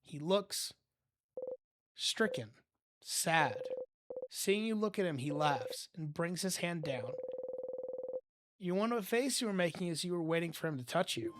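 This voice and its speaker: A man streaming a story game, reading its text aloud in an expressive way. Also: high voice, a little slow, pauses often, very noisy. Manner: expressive, quiet reading with excited bursts. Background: game music.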